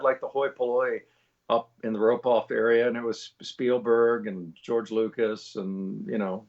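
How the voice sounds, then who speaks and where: Chatty male voice actor, lo-fi sound. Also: mid-range voice. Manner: animated storyteller, lots of fillers and restarts. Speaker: voice actor and guest. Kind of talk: telling an anecdote on a live show.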